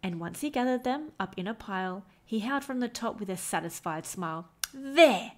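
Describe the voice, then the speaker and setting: A woman reading a rhyming children's picture book aloud in an expressive, sing-song way. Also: mid-range voice, a little fast. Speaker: storyteller.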